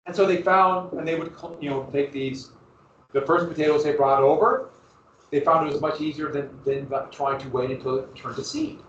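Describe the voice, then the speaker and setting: A man's voice: a little high, normal speed, slight background noise. Male teacher lecturing in an echoey classroom. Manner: lively, asks the class questions, restarts phrases. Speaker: history teacher. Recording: roomy, distant, dull classroom recording.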